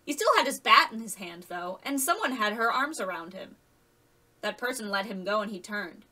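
Bright-voiced woman reading a story aloud. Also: medium pitch, moderate pace, far from the mic, low-quality recording. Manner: lively reading with voiced characters. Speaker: audiobook reader. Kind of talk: scripted narration.

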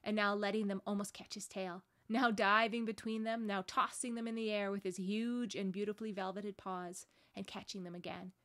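A woman pastor reading a storybook chapter aloud with gentle, steady narration. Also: mid-range voice, moderate pace, hardly any pauses.

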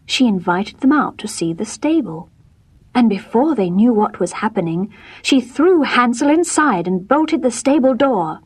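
A woman narrating a storybook in gentle, measured tones. Her voice is husky and breathy, and she speaks softly. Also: mid-range voice.

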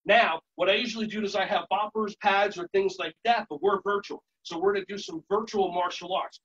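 A high-pitched man running a lively live workshop, switching between quick explanations, sing-song chanting and sudden shouted calls. The sound is dull and lo-fi, like streamed conference audio. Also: gravelly, a little hiss or hum. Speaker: children's yoga and martial arts instructor. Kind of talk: live virtual workshop demonstration.

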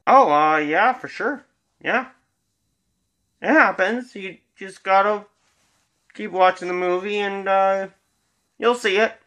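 Smug, sly male slasher killer, put on by a man with a slow, knowing drawl and a dull, lo-fi sound. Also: high-pitched, sharp tone, voice pushed up, exaggerated voice. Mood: teasing.

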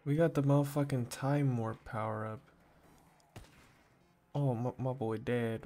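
A man giving rambling, profane gameplay commentary, full of slang and sudden excited outbursts. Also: medium pitch, a little slow. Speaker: gaming YouTuber.

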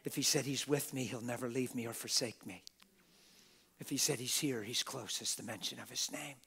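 A middle-aged man preaching a passionate, folksy sermon, often laughing and bursting into shouts. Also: mid-range voice, normal speed, gravelly, slightly rough. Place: church hall with a congregation.

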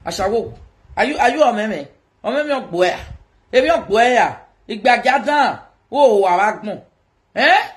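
A woman's voice: fairly high pitch, animated, normal speed. A woman with a Nigerian accent, chatting to viewers on a livestream, teasing them and sing-songing mock sales calls. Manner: sing-song hawking calls, switches between Pidgin and Yoruba. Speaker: social media live streamer.

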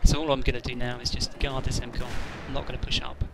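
A man's voice: medium pitch, flat delivery, fast talker, vocal fry, very noisy. A man giving rambling, sweary, self-mocking commentary over his own gameplay. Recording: loud game gunfire and explosions behind.

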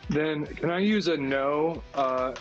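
A man's voice: fairly high pitch, slow. Easygoing male tabletop player. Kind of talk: casual tabletop game chat. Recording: dull lo-fi voice chat with faint music.

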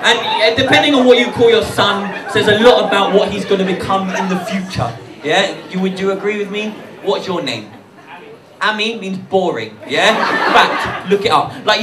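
A man's voice: high-pitched, far from the mic, very noisy. A young man from London performing a brash, cheeky stand-up set on a club stage with a handheld microphone. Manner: cheeky, brash, rapid asides. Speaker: stand-up comedian. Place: comedy club stage in front of a crowd. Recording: echoey club, mic heard from afar, loud crowd. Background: loud audience laughter.

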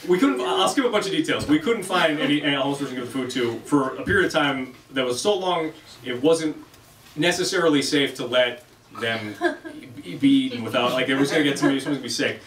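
A man with a medium-pitched voice talks quickly through a stand-up set on a club stage, rambling, mocking himself and acting out bits of dialogue. The recording is echoey, taken from a distance, with loud background noise.

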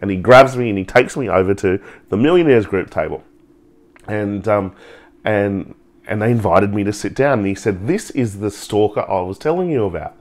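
A man, telling a personal story in a lively way and acting out the people in it. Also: fairly low pitch, normal speed. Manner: animated, acts out the people in his story with laughs. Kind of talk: storytelling talk.

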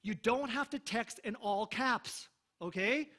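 A man preaching a sermon as pastor, emphatic, slowing down for scripture readings and checking in with the congregation. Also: very high-pitched, sharp tone.

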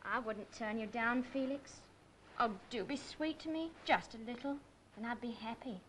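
A woman's voice: fairly high pitch, normal speed, fairly bright tone, slight background noise, natural voice. An actress in a 1930s film playing a lovesick, jealous young shopgirl who talks in a pleading, plaintive way.

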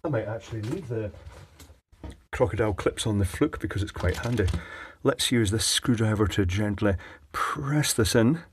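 A man's voice: on the low side, moderate pace, slight background noise. A man chatting dryly as he repairs electronics at his workbench, thinking aloud as he works. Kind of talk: casual workbench commentary.

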